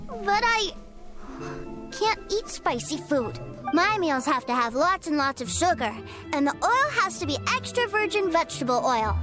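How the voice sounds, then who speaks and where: A woman's voice: very high-pitched, big pitch swings, moderate pace. A woman voicing a cheerful, spoiled little boy in a video game who asks eager questions. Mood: fussy. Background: faint game music.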